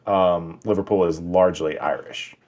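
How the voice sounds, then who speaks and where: A man's voice: deep voice, fairly even intonation, a little mellow. A man co-hosting a podcast, chatting casually and often restarting his sentences. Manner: halting, restarts often while telling stories. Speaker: podcast co-host.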